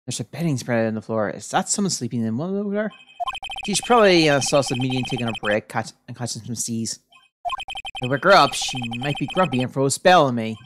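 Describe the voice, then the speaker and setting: A woman streamer reading a video game's text aloud in a plain, low-key way, adding small asides as she plays. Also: background noise. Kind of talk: reading game dialogue aloud while playing. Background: game music.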